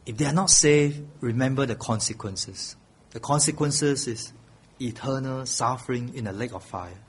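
A man's voice: mid-range voice, normal speed, breathy edge. A middle-aged male pastor preaching a sermon, earnest and pleading, repeating his key phrases.

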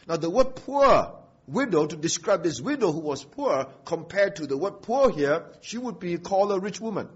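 A male pastor delivers an emphatic sermon, his husky voice rising and falling in an animated sweep. He drives his points with rhetorical questions and repetition. The sound is dull and lo-fi. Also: high-pitched, normal speed.

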